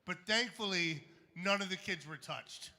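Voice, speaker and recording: A man doing a stand-up set on a comedy club stage, wry and punchy with dark jokes. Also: sits high, measured pace, long reverb tail.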